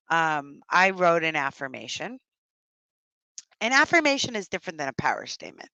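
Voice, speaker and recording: A middle-aged woman leads a live-streamed workshop, talking in an effusive, gushing way with frequent exclamations. Her voice sits on the lower side. The sound is dry and close, with no room around it. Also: pushed and bright, clean tone, no echo, poor audio. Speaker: motivational speaker leading a live workshop.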